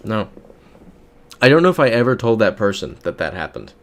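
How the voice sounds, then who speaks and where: A young man with a low voice and an American accent chats casually on a live stream. He mutters guesses to himself and reads viewer messages aloud in an easy, rambling way. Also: sing-song, brisk. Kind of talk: casual live-stream chat while playing a geography game.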